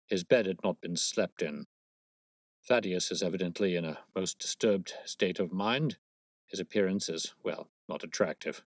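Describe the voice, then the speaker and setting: A man voicing a stout, blustering police detective with a husky, wheezing voice and a pompous manner, read as a storybook. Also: low voice, no room sound, studio quality. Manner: pompous, brash, self-satisfied. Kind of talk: storybook reading.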